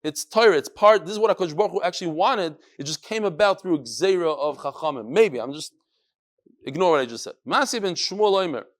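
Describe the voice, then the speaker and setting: Male Talmud teacher, yeshivish English, high voice, acts out the lines as he teaches. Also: a little fast. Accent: yeshivish English with Hebrew and Yiddish terms. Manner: animated, acts out dialogue in raised voices. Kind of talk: Daf Yomi Talmud class.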